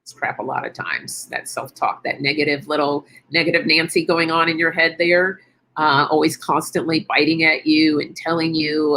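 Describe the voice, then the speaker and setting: Her voice is deep, gravelly and a bit bright, moving at normal speed. She's a middle-aged woman hosting an informal wellness stream, chatting encouragingly and reasoning out loud as viewers ask things.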